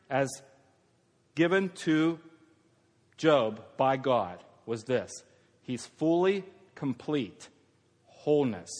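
An older man preaching a sermon as pastor, moving from hushed, tender lines to loud, emphatic ones. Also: on the high side. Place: church sanctuary. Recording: long reverb of a church hall.

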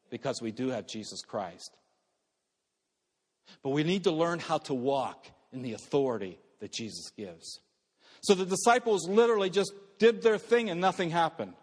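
Male pastor, high voice, dynamic sermon delivery, church hall with long reverb. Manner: dynamic preaching, swings from raised to hushed.

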